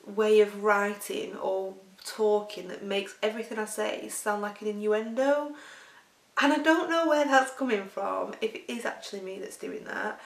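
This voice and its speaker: Chatty Lancashire woman, roomy and distant. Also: medium pitch. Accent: Lancashire English. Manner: chatty, laughs through her stories. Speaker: weight-loss vlogger. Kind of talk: rambling casual storytelling. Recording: roomy sound, distant from mic.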